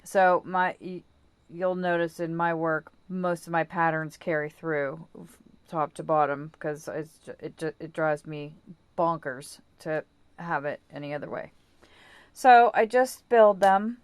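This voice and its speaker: Casual craft tutorial host, woman, somewhat low voice, chatty and self-correcting. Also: steady tone, unhurried, clear, resonant tone, no room sound. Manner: playful baby talk to her dog. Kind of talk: casual how-to demonstration.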